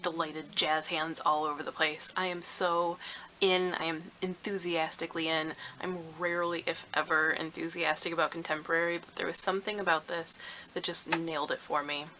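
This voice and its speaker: A woman's voice: fairly low pitch, sharp tone, slight background noise, low-quality recording. A woman giving a chatty, enthusiastic book review in a casual vlog.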